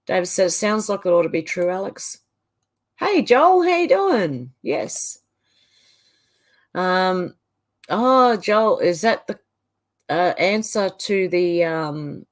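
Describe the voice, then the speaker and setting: A middle-aged woman with an Australian accent hosting a livestream, chatting casually as she reads out viewer comments and often trails off mid-sentence. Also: lowish voice. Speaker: livestream host. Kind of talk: casual chat reading out live comments.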